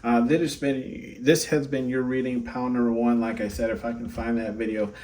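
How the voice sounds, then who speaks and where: A man's voice: mid-range voice, little pitch movement, brisk, darkish tone, far from the mic, a little hiss or hum. Chatty man reading oracle cards. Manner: chatty, frequent "right?" and "okay?" asides. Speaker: tarot reader. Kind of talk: casual oracle card reading.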